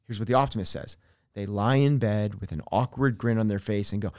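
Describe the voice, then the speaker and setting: A man speaking as a podcast guest and coach, explaining his ideas earnestly with everyday examples and dropping his voice softer on key terms. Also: fairly low pitch, fairly quick, no echo, studio quality. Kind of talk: conversational podcast interview.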